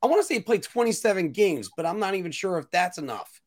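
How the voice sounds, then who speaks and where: A man hosting a casual sports talk show, ranting opinions in an animated way. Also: sits high, quick pace. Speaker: podcast host.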